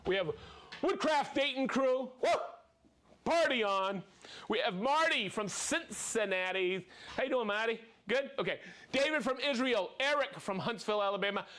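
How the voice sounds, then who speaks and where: Male live-stream host, high voice, very animated pitch, exuberant and playful, whoops between names. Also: moderate pace. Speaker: host of a live product show. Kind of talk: live-stream viewer shout-outs.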